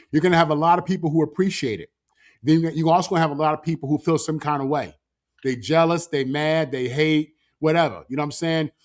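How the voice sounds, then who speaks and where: A man's voice: on the high side, darkish tone. A man co-hosting a sports talk show, making his argument earnestly and building through repetition. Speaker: co-host.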